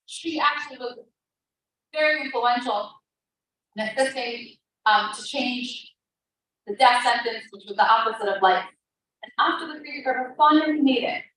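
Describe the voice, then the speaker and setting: A woman with a high, bright voice delivers an impassioned inspirational talk, leaning hard on repeated phrases. Her voice rings through a very echoey room, picked up from well off the mic with a faint hiss behind. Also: recorded from a distance. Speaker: speaker at a women's event.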